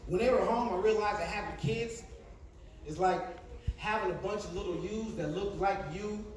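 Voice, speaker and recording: A man's voice: sits high, moderate pace. A man in his thirties doing a brash, profane stand-up set on a club stage, telling stories with asides to the crowd. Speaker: stand-up comedian. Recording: echoey club from a distance with noise.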